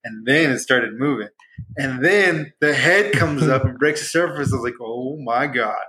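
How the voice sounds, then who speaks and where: A young man telling a fishing story in casual chat on a podcast, rambling with restarts and jumping into excited quoted voices. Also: mid-range voice, moderate pace, rough recording. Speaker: podcast guest.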